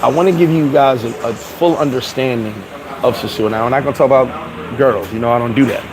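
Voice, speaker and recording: A man vlogging outdoors, telling a story in a loose, animated way, swearing and acting out other people's voices. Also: mid-range voice, a little fast. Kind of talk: casual storytelling to camera. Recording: street crowd noise behind.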